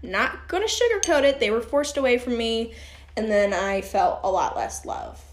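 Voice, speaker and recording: A woman's voice: fairly high pitch, lively intonation, normal speed. Heated, swearing young woman podcaster. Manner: swearing, venting, gets heated; rambling, self-questioning. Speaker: podcast host. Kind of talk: casual solo podcast rant.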